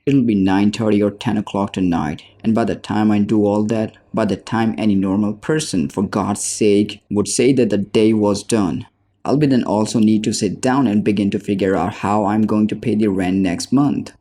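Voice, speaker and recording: A man's voice: lowish voice, fairly even intonation, normal speed, mellow, close to an everyday voice. A man narrating an audiobook, reading the lines of an exhausted, desperate woman who runs a pie shop. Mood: bitter, weary.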